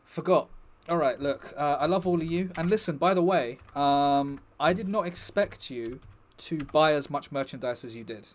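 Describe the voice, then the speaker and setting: A man's voice: a little high, moderate pace, few pauses. A young man chatting casually to his stream viewers, rambling and joking with the chat.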